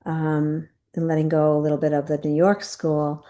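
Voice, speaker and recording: A woman's voice: sits low, monotone, normal speed, warm tone. A woman facilitating a group video call, talking in a meandering way and searching for words.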